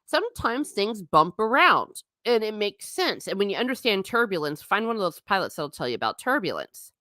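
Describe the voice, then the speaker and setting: A woman hosts a casual live stream, reading chat and bantering irreverently with viewers while laughing often and swearing mildly. Her medium-pitched voice swings widely in pitch, moves at a moderate pace, and sounds pushed and bright with no room sound.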